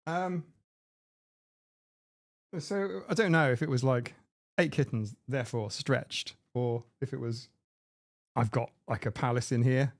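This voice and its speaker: A man's voice: medium pitch, a little slow, pauses often, no echo, clean studio sound. A man hosting a casual live stream, chatting in a rambling way and laughing at his own jokes. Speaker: livestream host. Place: home room. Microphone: desk mic with mixer.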